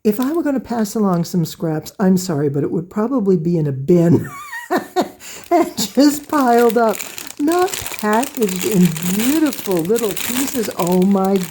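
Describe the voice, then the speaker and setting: A woman hosting a quilting vlog, gushing with excited exclamations as she shows items to the camera in her home sewing room. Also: mid-range voice, moderate pace, a little hiss or hum. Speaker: quilting channel host. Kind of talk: casual show-and-tell vlog. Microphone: camera close by on a table.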